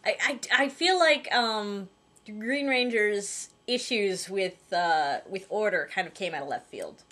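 Bright-voiced young woman co-hosting. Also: mid-range voice, animated. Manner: joking, quick interjections, hesitant fillers. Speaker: co-host reviewing episodes. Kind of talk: casual chat reaction.

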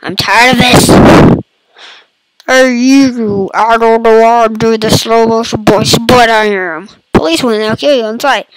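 A woman with a hoarse, fading voice and a cough, chatting playfully to viewers over gameplay. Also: on the high side, normal speed, hardly any pauses, slight background noise, low-quality recording. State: hoarse, losing her voice, coughing. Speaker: gaming YouTuber. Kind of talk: casual let's-play commentary. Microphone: computer mic.

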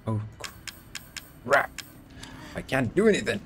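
A man giving excitable let's-play commentary, swearing, joking and pleading with the game as he plays. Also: mid-range voice, unhurried, slight background noise. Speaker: gaming YouTuber.

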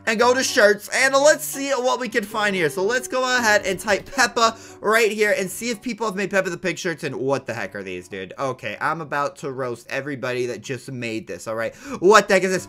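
A young man in his twenties, a gaming YouTuber giving excited, jokey commentary with bursts of mock outrage. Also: high voice, normal speed, faint music behind.

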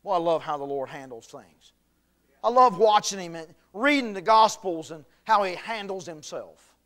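A man preaching a sermon as pastor, swinging from quiet earnest talk to shouted emphasis. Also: high voice, animated, moderate pace. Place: church sanctuary.

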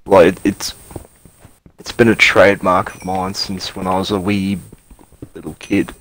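Slow, low-voiced young man gaming. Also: level tone, fairly bright tone, rough recording. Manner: joking, rambling with fillers. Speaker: streamer. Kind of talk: casual gaming chat.

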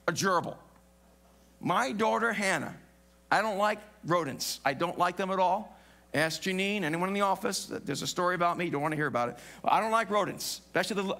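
Animated, high-voiced male pastor preaching. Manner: animated, conversational, with humorous asides. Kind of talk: sermon. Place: church.

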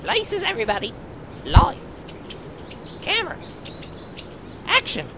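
A woman's voice: extremely high pitch, wildly swooping pitch, slow, background noise, full character voice. A woman voicing a fussy bossy male director. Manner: exclaiming, bossy.

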